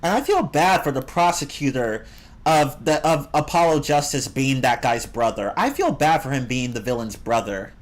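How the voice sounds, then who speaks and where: Opinionated streamer chatting loosely with viewers, lively, swooping delivery. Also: normal speed. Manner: rambling and opinionated, with swings in pitch; reads and answers the chat. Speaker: game streamer. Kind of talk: casual live-stream chat.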